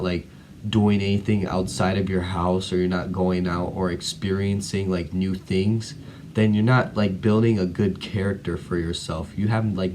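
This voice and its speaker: Speaking in a low-pitched, darkish voice, a teen vlogger rambles through a story in a laid-back video. "Like" fills his speech, and now and then he swears bluntly.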